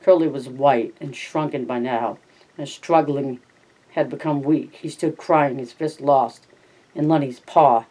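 Audiobook reader, mellow and warm in tone, reading aloud with restarts and an occasional aside. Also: medium pitch, steady tone, a little slow, low-quality recording. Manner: reads aloud with slips and restarts. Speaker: narrator.

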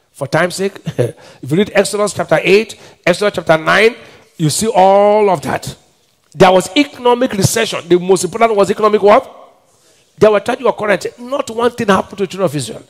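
A male pastor preaching a sermon, quizzing the congregation with call-and-response questions and shouting forceful declarations. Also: high-pitched. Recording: long reverb of a church hall.

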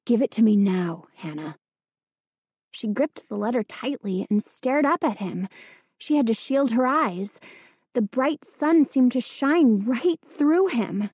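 A woman narrating an audiobook in slow, measured storytelling. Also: sits high, expressive, a little mellow, slightly rough, no echo, studio quality. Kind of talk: scripted narration.

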